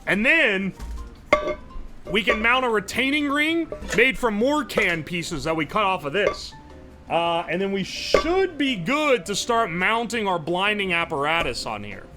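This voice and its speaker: A young man from West Virginia chatting on a livestream, loud, profane and joking, his throat a little sore from yelling. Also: high-pitched, very animated, unhurried, music in the background. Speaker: streamer. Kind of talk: casual livestream chat reading chat.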